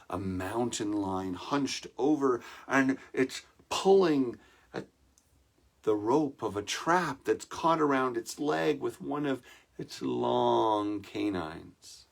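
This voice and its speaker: A man telling a dramatic story to an online congregation, often pausing to ask the audience questions. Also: medium pitch, vocal fry. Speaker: spiritual teacher.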